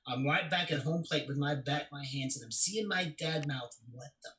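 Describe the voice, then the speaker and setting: A man's voice: fairly high pitch, normal speed, natural voice, low-quality recording. An actor playing a young man who recounts his father's death in a confessional, storytelling way during a stage play reading. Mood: anguished. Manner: confessional storytelling, swings to loud anguish.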